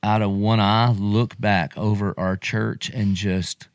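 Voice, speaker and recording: Brief: middle-aged pastor host, low voice, emotional and animated, dry close mic. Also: male voice, slow pace, clear, resonant tone, no echo. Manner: animated, emotional, acts out quotes. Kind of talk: casual podcast conversation.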